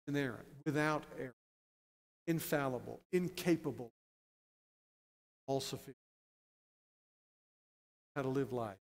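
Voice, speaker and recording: A man preaching a sermon as pastor, building to loud, emphatic, stressed phrases. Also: mid-range voice. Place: church sanctuary. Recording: long church reverb.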